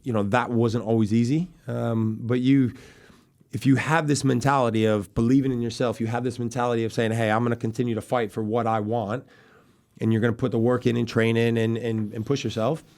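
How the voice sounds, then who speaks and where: A man's voice: mid-range voice, little pitch movement, a little fast, a little mellow. An American man in his forties, a guest on a podcast, talking earnestly with many restarts. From United States. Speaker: guest, former goalkeeper. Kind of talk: casual podcast chat.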